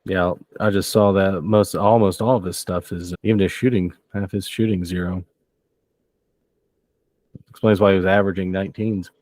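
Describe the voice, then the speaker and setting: Man, game master, casual joking delivery, low voice, dry room. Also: fairly even intonation, normal speed, a little mellow, no echo. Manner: laughs often, swears casually.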